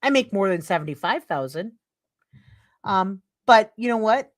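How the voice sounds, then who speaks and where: A woman's voice: mid-range voice, animated, normal speed. A middle-aged woman streaming commentary, reading a text aloud and breaking into heated, profane, sarcastic rants. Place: home streaming setup.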